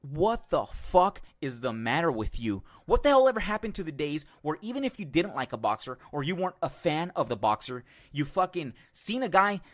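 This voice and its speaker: A man's voice: a little high, sing-song, normal speed, hardly any pauses, a bit bright. A man hosting an online show and delivering heated, profane commentary on a clip he has just played. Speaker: show host. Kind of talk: ranting commentary on a video clip.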